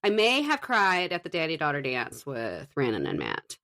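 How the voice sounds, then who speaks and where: A woman's voice: sits low, wildly swooping pitch, moderate pace, sharp tone. A middle-aged woman co-hosting a podcast in casual chat, blunt and profane, laughing often. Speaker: podcast co-host.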